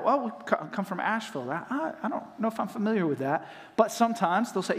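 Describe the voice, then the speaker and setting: A man from North Carolina, preaching a sermon as pastor and acting out voices in animated storytelling. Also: high-pitched, fast, hardly any pauses. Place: church auditorium. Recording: long reverb of a large hall.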